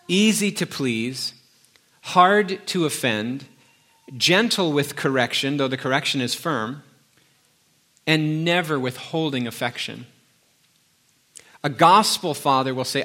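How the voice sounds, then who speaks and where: A man's voice: on the high side, lively intonation, slow, pauses often, bright, forceful tone. A middle-aged man preaching a sermon, telling a family story and acting out the dialogue in a conversational way. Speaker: pastor.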